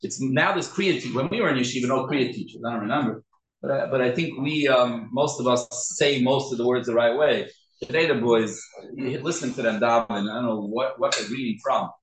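A man giving an informal class, earnestly repeating words slowly to show the right way to say them. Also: medium pitch, slight background noise. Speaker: teacher of prayer pronunciation. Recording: echoey room.

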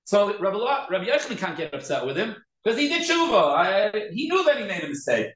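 A man teaching a Talmud class, animated and quick, with many restarts. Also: high-pitched. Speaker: Torah teacher. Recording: echoey room.

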